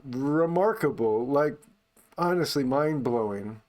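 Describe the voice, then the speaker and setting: A man teaches meditation in an unscripted talk, speaking calmly and only on the out-breath. His voice is medium-pitched and slow, unhurried throughout.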